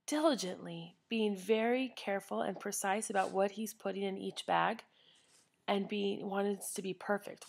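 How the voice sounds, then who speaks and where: A middle-aged woman chats to camera from her living room, telling a story in an earnest, unscripted way. Her voice has a gravelly, creaky edge and sits at an ordinary middle pitch. She often stops to correct herself mid-sentence. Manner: chatty, earnest, with self-corrections. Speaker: vlogger. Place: home living room by a fireplace.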